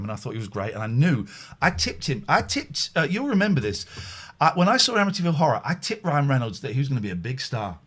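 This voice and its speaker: A man hosting a late-night radio talk show, joking and excitable with callers. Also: a little high.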